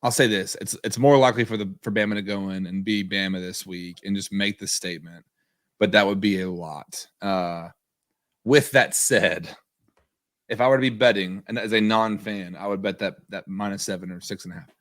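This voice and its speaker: A laid-back man co-hosting a sports podcast, rambling and hedging as he talks. His voice is fairly low, and the room around him sounds dry and close. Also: fairly even intonation, normal speed, fairly bright tone, no echo. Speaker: podcast co-host. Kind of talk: casual sports chat.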